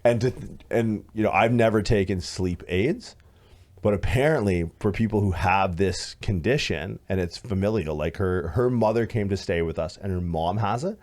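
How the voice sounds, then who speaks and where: A man in his thirties co-hosting a podcast, telling a story in casual chat, animated and swearing, acting out what others said. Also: on the low side, moderate pace. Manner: animated, swearing, acts out quoted voices loudly. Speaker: podcast co-host.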